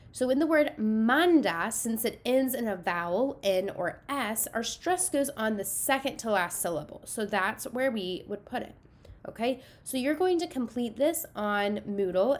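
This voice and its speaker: Spanish teacher woman explaining grammar step by step. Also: medium pitch. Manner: explains step by step, switches between English and Spanish. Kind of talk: recorded online class lecture.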